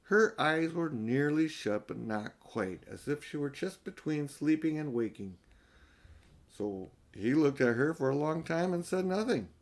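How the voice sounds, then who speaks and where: An older man narrating a children's audiobook in a gentle, expressive, grandfatherly way. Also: fairly high pitch, a little slow. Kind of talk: storybook narration.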